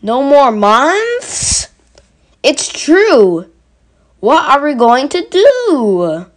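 A bouncy, boastful tiger , read by a woman, speaks with a confident air, in a slightly high voice and a slow pace. It belongs to a children's storybook reading. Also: sing-song, a bit bright, heavily acted. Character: bouncy, boastful male tiger, full of energy.

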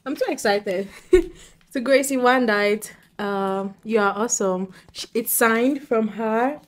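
A young woman from Nigeria chatting excitedly and giggling as she talks straight to her viewers. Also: a little high, slow. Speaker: book vlogger. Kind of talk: casual chat to camera.

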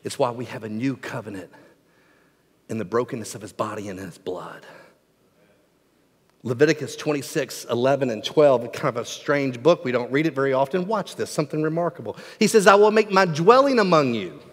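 A pastor preaching a sermon in a church sanctuary, dropping to near-whispers and rising to shouts. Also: male voice, medium pitch, fairly quick, slightly rough. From Southern United States. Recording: long hall reverb.

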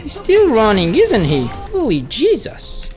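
A woman gamer giving excitable let's play commentary, swearing a lot, shrieking at surprises and talking to the enemies on screen. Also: on the high side, measured pace, faint music behind.

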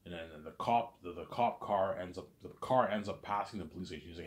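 A man with a deep voice tells a rambling, casual story fast and with few pauses. He keeps stumbling into restarts and leans on the same stock phrases over and over.

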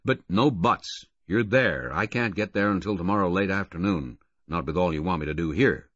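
A man reading the part of a middle-aged racing official in an audiobook, earnest and steady. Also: low voice, dry recording, muffled recording. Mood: brisk. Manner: earnest, halting when grieving.

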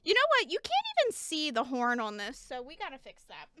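High, bubbly young woman streamer. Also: wildly swooping pitch, brisk, background noise. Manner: giggly and chatty, talking to chat while changing onesies. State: out of breath. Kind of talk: casual livestream chat.

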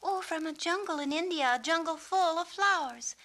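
An excited little girl pipes up in a high, bright storybook voice, bubbly and full of pleading eagerness, as a woman reading the tale puts her on. She sounds imaginative and quick to plead. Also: heavily acted. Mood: eager.

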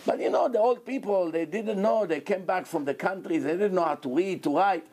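Rabbi preaching, fairly high voice, acts out voices, gets worked up. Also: male voice, brisk, husky. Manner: animated preaching with acted-out quotes. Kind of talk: sermon.

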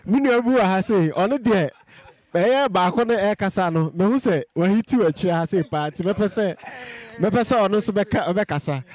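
A Ghanaian man with a Ghanaian accent hosting a casual street interview, asking lively, teasing questions. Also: high-pitched, normal speed.

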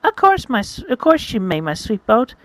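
A home narrator voicing a sweet, lovestruck young female character in a pitched-up cooing voice. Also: huge pitch swings, moderate pace. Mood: affectionate.

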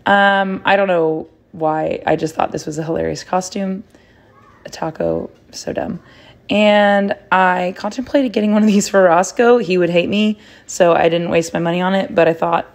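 Gravelly-voiced chatty woman vlogger. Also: lowish voice. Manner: chatty, rambling, candid. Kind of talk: casual vlog chat. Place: parking lot, then store.

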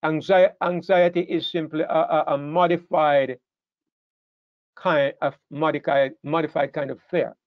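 Emphatic male preacher, slightly high voice. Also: little pitch movement, unhurried, no echo, muffled recording. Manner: emphatic, repeats words and restarts phrases. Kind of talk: sermon.

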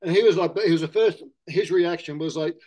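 A man's voice: a little high, fast talker, mellow. Rambling Australian man, mate-heavy chat. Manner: rambling, self-correcting, says "mate" often. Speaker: interview guest. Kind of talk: casual candid conversation.

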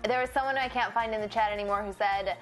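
A woman co-hosts a gaming session, teasing her partner and chatting casually at a middle pitch. Soft music plays faintly behind her. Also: fairly even intonation, quick pace. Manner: teasing, chatty, reads out chat comments. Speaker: co-host of a gaming show. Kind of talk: casual gameplay chat.

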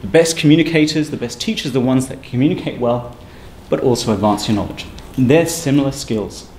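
A man giving a university seminar talk, brisk and emphatic in a conversational lecturing manner. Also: medium pitch, a little mellow. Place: lecture room. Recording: echoey room with faint ambient noise.

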